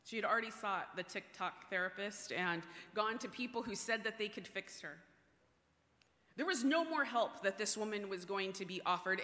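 A woman preaching a sermon, animated with playful asides, then hushed and earnest. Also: medium pitch. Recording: long hall reverb.

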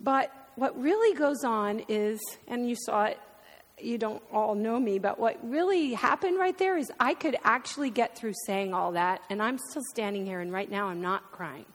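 A woman's voice: fairly high pitch, normal speed. A woman preaching a heartfelt sermon in a church, speaking openly about grief and sometimes through tears. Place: church sanctuary. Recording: long hall reverb.

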